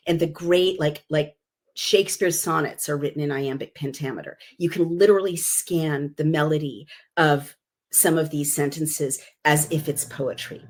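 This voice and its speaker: Middle-aged female commentator, lower register, reads a prepared essay and stops for eager asides. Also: steady tone, moderate pace. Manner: enthusiastic asides with many fillers. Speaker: political commentator, former consultant. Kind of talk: reading an essay aloud with spoken asides.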